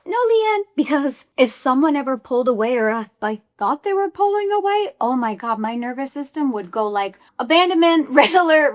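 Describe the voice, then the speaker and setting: A middle-aged woman giving a casual motivational talk to camera, chatty and animated with playful asides. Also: fairly high pitch, no room sound. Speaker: self-help vlogger.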